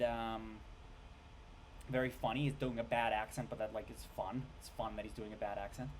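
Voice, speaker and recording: A man's voice: medium pitch, slight background noise. A man giving a casual spoken movie review, rambling with lots of fillers, restarts and casual swearing.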